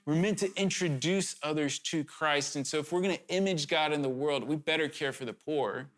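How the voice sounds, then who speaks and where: A man's voice: fairly high pitch, normal speed, a bit bright. A man preaching a sermon to his congregation, earnest and urgent, talking conversationally with candid asides and sudden emphatic rises.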